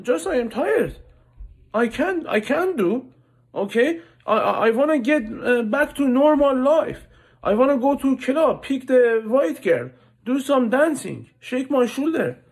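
A man's voice: very high-pitched, sing-song, unhurried, husky, exaggerated voice. A comedian doing an exaggerated Persian-accented immigrant man, ranting in broken English with blunt insults. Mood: exasperated ranting. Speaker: amateur comedian. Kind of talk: comic rant to camera.

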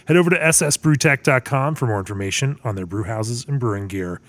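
A man's voice: medium pitch, fast talker, no echo. A man hosting an interview, giving short acknowledgments and then reading sponsor ads. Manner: brief acknowledgments, steady read-through of ads. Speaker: podcast host.

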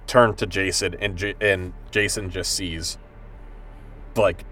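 Deep-voiced man rambling through a tabletop scene. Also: steady tone, slow, a bit bright, distant mic, soft background music. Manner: rambling, filler-heavy describing. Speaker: player. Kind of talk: tabletop role-play narration.

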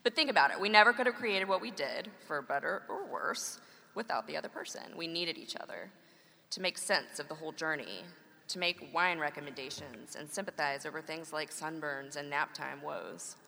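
Bright wry woman in a reverberant hall. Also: sits low, moderate pace, gravelly. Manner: wry, playful humor. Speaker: co-host, mother. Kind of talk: scripted conversational reading.

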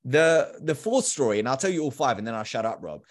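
A man's voice: medium pitch, a little fast. A man in his thirties, a sales trainer, talking energetically as a podcast guest with emphatic repeats. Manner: animated, acts out quoted dialogue; emphatic repetition.

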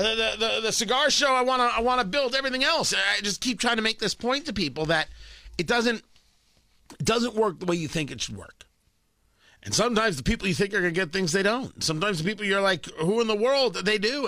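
A male talk radio host delivers a rambling monologue, tripping over his words and dropping sarcastic asides. His voice sits high and sounds bright. The sound is close and dry, with no room echo. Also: lively intonation, brisk.

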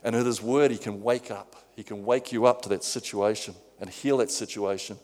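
A man's voice: lowish voice, steady tone, moderate pace, a little mellow. A male preacher giving a sermon in an earnest way, often repeating words as he goes. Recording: long hall reverb.

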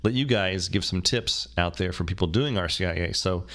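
A man's voice: low voice, moderate pace, fairly bright tone. A man hosting a podcast in casual chat, rambling and joking with many fillers and restarts. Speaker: podcast host. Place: new studio with construction noise.

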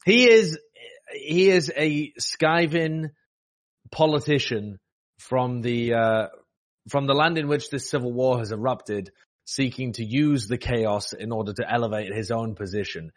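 A man's voice: medium pitch, measured pace. A man introducing his character in a wry, joking way. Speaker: player. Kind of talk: casual chat.

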